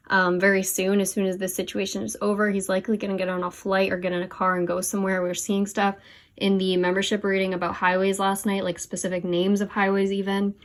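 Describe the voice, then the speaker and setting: A young woman doing a casual tarot reading at home, talking with many fillers and a little out of breath as she leans over her cards. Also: medium pitch. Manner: chatty, many "like" and "um" fillers, laughs at herself. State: a bit out of breath. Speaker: tarot reader. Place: home room, kneeling over cards on the floor.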